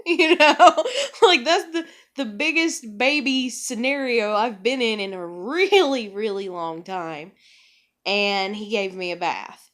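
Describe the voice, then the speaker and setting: A woman's voice: medium pitch, a bit bright. A young woman talking candidly in a rambling personal monologue, full of fillers and swearing. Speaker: vlogger.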